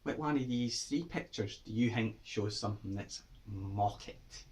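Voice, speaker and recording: A Scottish man with a fairly low voice gives children a playful lesson on Scots words at an unhurried pace. He's lively and keeps quizzing the kids with questions.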